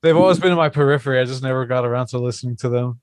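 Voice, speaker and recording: A man's voice: medium pitch, racing, no echo, studio quality. A man co-hosting a podcast, joking wryly and swearing in a casual chat.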